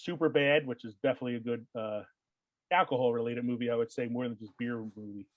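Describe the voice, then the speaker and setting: Rambling podcast host, dry close mic. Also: male voice, mid-range voice, steady tone, quick pace, no echo, phone-quality sound. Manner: rambling, laughs often, filler-heavy. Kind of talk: casual chat.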